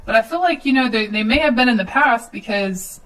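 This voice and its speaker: A woman's voice: fairly high pitch, expressive, fairly quick, a bit bright, distant mic, a little hiss or hum, rough recording. A woman giving a casual tarot reading at home, chatty, with filler ums and nervous laughs. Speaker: tarot reader.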